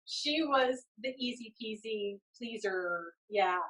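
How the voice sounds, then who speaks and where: Woman, middle-aged, podcast host, higher pitch, lively storytelling, frequent laughs, a bit off-mic. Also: slow pace, far from the mic, low-quality recording. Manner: animated, laughs often, acts out quotes. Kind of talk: casual storytelling chat.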